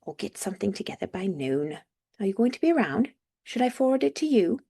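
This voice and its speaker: A woman's voice: medium pitch, big pitch swings, brisk, mellow, slightly rough, voice pushed up. A woman voicing a young British man with an easygoing, amused manner.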